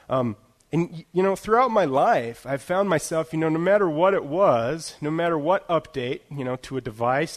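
A pastor with a mid-range voice preaches a sermon conversationally, sprinkling in "you know" fillers and self-deprecating laughs. He slows into emphatic phrases to drive his points home.

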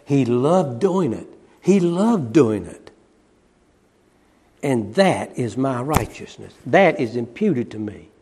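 A man preaching a sermon. He swings between loud, quick emphasis and hushed, slow passages, and repeats key phrases. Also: medium pitch, very animated, husky. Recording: long reverb of a large hall.

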